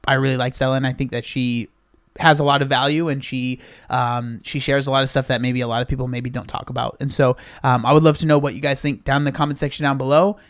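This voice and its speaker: A man's voice: mid-range voice, flat delivery, fast talker, clear, resonant tone, no room sound, clean studio sound. A man giving earnest, reflective commentary to camera, repeating himself as he thinks. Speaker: YouTuber.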